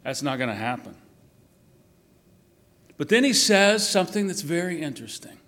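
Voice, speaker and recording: A middle-aged man preaching an Easter sermon, with slow, emphatic repetition and quiet, falling line endings. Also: a little high, big pitch swings.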